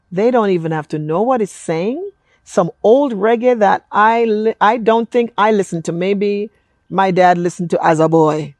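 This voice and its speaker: A middle-aged woman from Jamaica with an American accent, telling stories in a chatty, animated vlog and acting out quotes. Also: fairly low pitch, normal speed, dry recording. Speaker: vlogger and apostle. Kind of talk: casual storytelling vlog.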